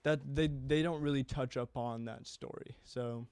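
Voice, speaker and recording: Young man, podcast co-host, casual rambling chat, swears, smooth clear voice, dry close sound. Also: mid-range voice, steady tone, normal speed, darkish tone, no echo.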